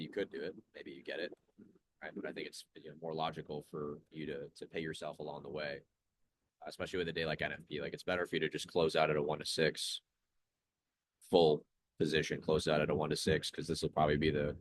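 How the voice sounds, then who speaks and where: A man's voice: very deep voice, level tone, quick pace, a little hiss or hum. A young man hosting a trading livestream, talking in a laid-back, chatty way and reading viewer questions aloud. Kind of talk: casual live-stream commentary.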